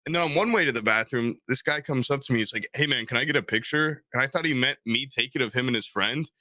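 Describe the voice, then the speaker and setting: A man's voice: mid-range voice, quick pace, pushed and bright, no room sound. A man co-hosting a podcast, telling a rambling story in casual chat, often restarting and acting out what people said. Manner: rambling, self-interrupting, acts out quotes in raised voices. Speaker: podcast co-host.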